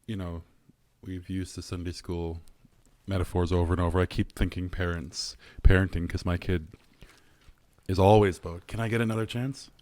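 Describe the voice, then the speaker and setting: A man co-hosting a church podcast, relaxed and reflective in casual chat, laughing easily. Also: sits low, moderate pace, no room sound. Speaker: podcast co-host.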